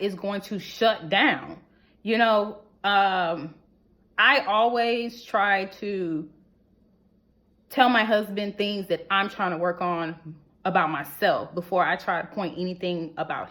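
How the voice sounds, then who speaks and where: A young adult woman talks straight to wives about marriage in a casual, preachy way. She presses her points with rhetorical questions and repeats them for emphasis. Her pitch sits in an ordinary middle range. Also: fairly bright tone. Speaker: marriage advice speaker. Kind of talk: casual advice talk to wives.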